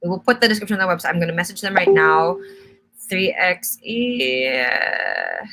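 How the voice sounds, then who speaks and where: Over some background noise, a young makeup brand host talks at normal speed, her fairly low voice swooping wildly in pitch. Running a live-stream tutorial, she walks through every step conversationally and answers comments from viewers.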